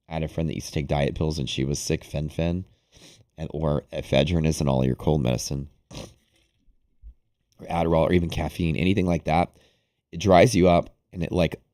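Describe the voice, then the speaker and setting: Very deep-voiced man chatting on a stream. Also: darkish tone. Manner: rambling, profane, with many restarts. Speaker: day trading livestream host. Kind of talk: casual livestream chat.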